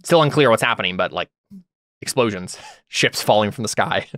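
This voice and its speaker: A man's voice: lowish voice, animated, moderate pace, fairly bright tone, no echo, clean studio sound. A young man narrating a tabletop game as game master, rambling with many fillers and self-corrections.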